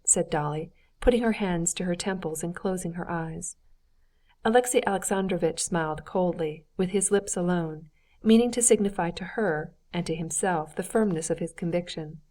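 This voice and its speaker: A woman narrating a classic novel as an audiobook in a steady, even reading voice. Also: on the low side. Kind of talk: scripted narration.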